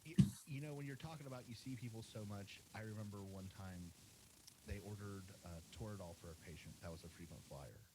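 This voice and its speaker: A man guesting on a podcast as a nurse practitioner, telling an anecdote in an animated way with laughs. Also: fairly low pitch, fast, background noise. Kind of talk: casual storytelling.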